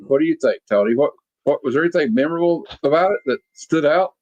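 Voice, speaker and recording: A man's voice: a little high, expressive, quick pace, darkish tone, muffled recording. A man hosting a casual movie review chat, rambling along with lots of fillers and restarts. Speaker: podcast host reviewing a movie. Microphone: video call.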